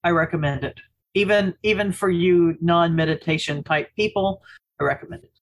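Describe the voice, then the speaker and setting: A woman's voice: on the low side, moderate pace, slight background noise. A woman co-hosting a podcast, chatting casually and wryly, with many fillers. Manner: wry, self-deprecating, many fillers. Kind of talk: casual chat, recommendation.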